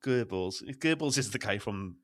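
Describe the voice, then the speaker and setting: A man's voice: mid-range voice, lively intonation, normal speed, fairly bright tone, no echo, studio quality. A man from Britain cohosting a casual chat podcast, laughing often and teasing himself. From Great Britain. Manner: giggly, self-deprecating, laughs often. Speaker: podcast co-host.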